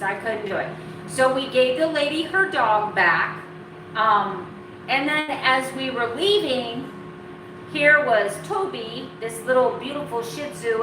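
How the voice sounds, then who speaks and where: A woman's voice: a little high, noisy background. Chatty woman vlogging in an echoey room. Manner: bubbly, baby-talks to her dogs. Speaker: keto vlogger. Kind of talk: casual chatty vlog. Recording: echoey room, mic at a distance.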